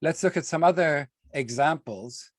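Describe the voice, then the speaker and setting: A man teaching an online class on a video call, deliberate, often repeating and restarting words and stressing key terms slowly. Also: on the high side, dry recording. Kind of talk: online lecture with screen sharing.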